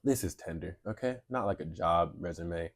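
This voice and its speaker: A man's voice: low-pitched, lively intonation, normal speed. A man co-hosting a casual comedy podcast, sarcastically reading and mocking dating profiles. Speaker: podcast co-host.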